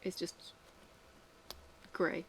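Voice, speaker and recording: Middle-aged woman vlogger, bright tone, loose candid chatter with swearing. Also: extremely slow, slight background noise. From Australia. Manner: rambling, candid, swears freely. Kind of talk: casual chat while working.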